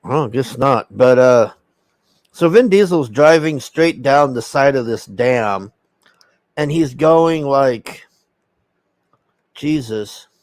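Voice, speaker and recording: A man's voice: medium pitch, lively intonation, slow, long pauses, no room sound. Man, casual film recap, rambling, swears a lot, dry close-up sound. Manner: rambling and profane, with many fillers and acted-out quotes. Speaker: film reviewer.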